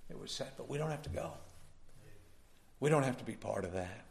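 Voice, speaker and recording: A man's voice: mid-range voice, animated, a little fast, gravelly. A male pastor delivering a sermon, telling a personal story in a folksy way and building up to emphatic preaching.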